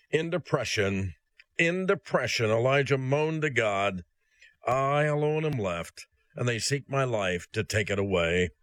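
A man's voice: medium pitch, fairly bright tone, no echo, clean studio sound. A man preaching a short radio sermon, speaking straight to the listener with earnest urgency, rhetorical questions and folksy asides. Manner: earnest, direct address to listener.

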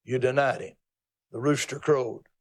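A man's voice: medium pitch, fairly even intonation, unhurried, slightly rough. A man preaching a sermon in a folksy, dramatic and teasing way.

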